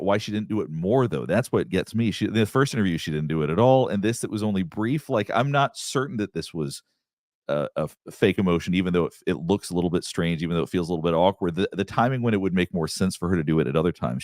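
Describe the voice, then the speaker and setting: A man's voice: fairly low pitch, dry recording, clean studio sound. A man guest weighing a case thoughtfully, often restarting his sentences. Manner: thoughtful, hesitant, many restarts. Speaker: behavior expert guest. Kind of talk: analytical panel discussion.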